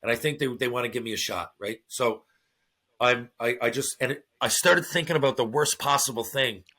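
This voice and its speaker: With a brisk, mid-range voice, a middle-aged podcast guest relays a story. The talk is casual and laced with profanity, and he animatedly plays out the quoted voices himself.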